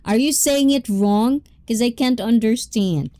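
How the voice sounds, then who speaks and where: A young woman chats with her viewers on a livestream, reading their comments aloud and laughing often. Her voice is mellow and her pace is slow and easy. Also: fairly high pitch. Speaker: livestream host reading chat. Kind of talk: casual livestream chat.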